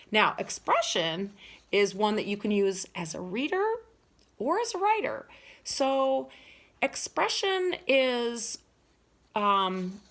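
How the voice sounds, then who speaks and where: A woman teacher giving a recorded lesson to children. She explains slowly and keeps asking the listeners questions. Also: mid-range voice, fairly bright tone.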